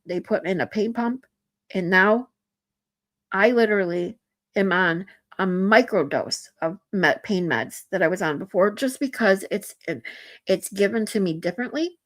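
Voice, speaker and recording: Earnest woman streamer, heartfelt and halting. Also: medium pitch. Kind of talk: casual live-stream talk to chat.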